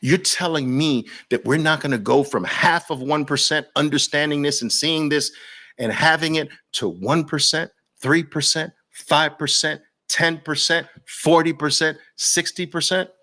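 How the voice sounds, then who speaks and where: A Brooklyn-accented New York host delivers an impassioned, preachy talk to camera, driving his points home by repeating them. His voice is fairly high, a little slow, pushed and bright.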